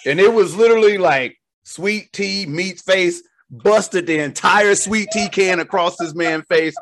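Animated slangy man hosting a podcast. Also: high voice, moderate pace, few pauses. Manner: animated storytelling with slangy asides. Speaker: podcast co-host. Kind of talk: casual podcast chat.

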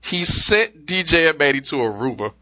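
A lively man with a high, bright voice tells stories on a podcast, swinging his pitch widely as he acts out the people he talks about. He swears casually. The recording sounds a little dull and lo-fi. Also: moderate pace. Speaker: podcast co-host. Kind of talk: casual storytelling chat.

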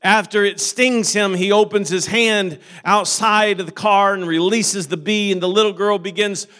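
A pastor preaching a sermon, moving between quiet, halting storytelling and loud, fervent preaching. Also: male voice, high-pitched, steady tone. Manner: repeats words and restarts often while telling stories.

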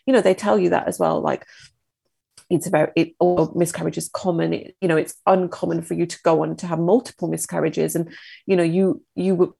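A woman in her thirties, a podcast guest, recounting a painful personal story in a halting, emotional, reflective way. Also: lowish voice, steady tone, creaky, dark tone, slightly rough, no echo.

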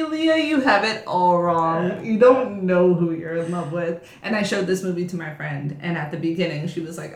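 A young woman co-hosting a casual film chat, jumping into quick acted-out quotes of the characters. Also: on the low side. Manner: acts out characters' lines in quick bursts. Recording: echoey room.

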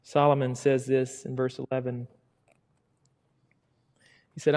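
A middle-aged man preaching a sermon, acting out quoted words and swinging between loud emphasis and hushed asides. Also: medium pitch, little pitch movement, unhurried, long pauses. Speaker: pastor. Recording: long hall reverb.

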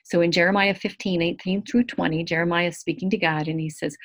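Woman teacher leading a recorded Bible study, earnest and lively, a bit low in pitch. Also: fast, few pauses. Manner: earnest, animated, acts out quotes. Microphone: screen-share video call.

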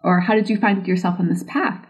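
A woman's voice: medium pitch, steady tone, a little fast. A woman hosting a podcast, bubbly and effusive, laughing often as she chats with her guest. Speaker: podcast host. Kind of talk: casual podcast interview.

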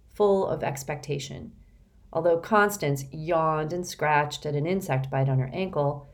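Woman reading an audiobook, low voice, steady and expressive. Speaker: audiobook narrator. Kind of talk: storybook narration.

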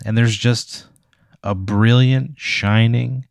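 A man's voice: medium pitch, fairly even intonation, slow pace, vocal fry, dry recording. A man running a tabletop game as game master, narrating scenes in a casual, profane, vivid storytelling way.

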